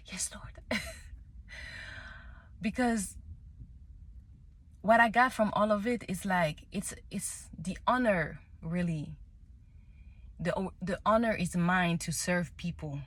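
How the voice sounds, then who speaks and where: A woman's voice: fairly low pitch, slow, pauses often. Candid woman telling a personal story. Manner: candid and emotional, many restarts and laughs. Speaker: tarot reader sharing a personal story. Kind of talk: casual spoken monologue.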